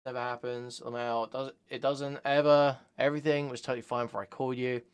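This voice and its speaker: A man with a smooth, clear voice at a middle pitch reads out text messages and comments on them. He is sarcastic throughout, jumping from mocking shouts down to low mutters. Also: flat delivery, normal speed. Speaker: commentary youtuber.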